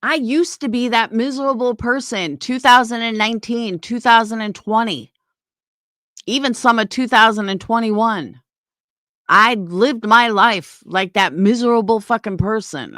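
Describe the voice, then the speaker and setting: A woman's voice: fairly high pitch, measured pace, a bit bright, no room sound, studio quality. A middle-aged woman rants to camera as a YouTuber, blunt and heated and swearing often. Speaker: YouTuber and small business owner. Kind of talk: ranting to camera.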